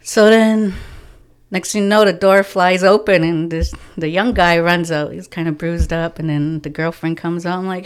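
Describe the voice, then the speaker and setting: A woman telling stories in a casual podcast chat, animated, acting out the dialogue of the people in it and laughing often. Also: fairly low pitch, normal speed, clean tone. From from a First Nations reserve community. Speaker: guest, community outreach organizer.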